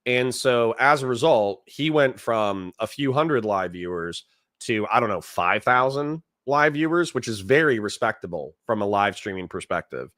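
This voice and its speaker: A man's voice: mid-range voice, lively intonation, normal speed, fairly bright tone, no room sound, studio quality. A man giving casual live-stream commentary, chatty, laughing often and reading out chat messages. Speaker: streamer reacting to a debate.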